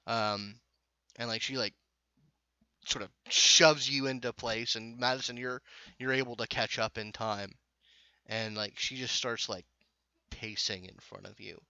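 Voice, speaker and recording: A man narrating a tabletop game as game master, casual and halting with restarts. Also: medium pitch, steady tone, bright, forceful tone, clean tone, no room sound, highs cut off.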